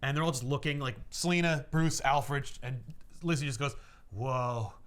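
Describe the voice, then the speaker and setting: A man's voice: a little high, normal speed, a bit bright. A man co-hosting a casual podcast, animatedly recapping a comic story with laughs and fillers. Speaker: podcast co-host.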